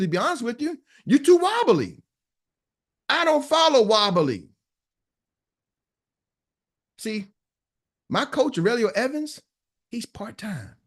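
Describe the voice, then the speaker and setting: A man with a high voice speaks as a business coach to a live audience online. His pitch leaps around animatedly as he preaches, and he drives each point home by repeating it. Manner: emphatic, preachy, repeats punchlines.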